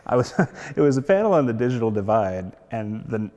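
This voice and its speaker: A man's voice: mid-range voice, sing-song, a little fast, dark tone, in a large hall. A man, a foundation fellow, telling a self-deprecating story with frequent laughs in a casual roundtable.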